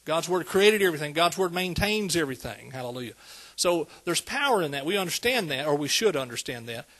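A man's voice: on the high side, sing-song, fairly quick, a bit bright. A man preaching a sermon, conversational and calling out to the congregation. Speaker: pastor.

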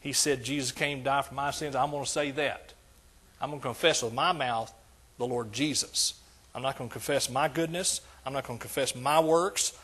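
A man's voice: mid-range voice, moderate pace, fairly bright tone, husky. An older man preaching a sermon as pastor, emphatic and repetitive in his cadence.

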